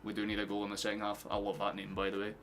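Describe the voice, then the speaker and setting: A young Scottish man live-streams his reactions to a football match, talking to viewers in a lowish voice at a racing pace. He's excitable and swears freely and often, erupting into shouts whenever a goal goes in.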